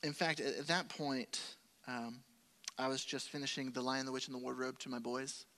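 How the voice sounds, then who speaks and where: A male pastor preaching a sermon, telling a personal story with animated quoted asides and humor. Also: medium pitch, normal speed.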